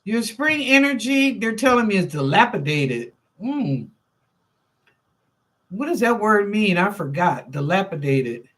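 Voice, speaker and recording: A woman hosts a live psychic reading show and answers viewers' questions one by one. She talks slowly and casually, thinks out loud and repeats herself as the answers come to her. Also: medium pitch, sing-song. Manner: chatty and informal, thinks aloud, repeats phrases. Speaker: psychic reader and show host.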